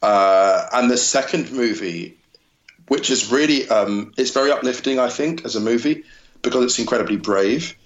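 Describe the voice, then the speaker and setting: A man's voice: mid-range voice, moderate pace, lo-fi sound. Effusive man in an echoey room. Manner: effusive, enthusiastic. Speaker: podcast guest. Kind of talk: casual chat. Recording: roomy echo.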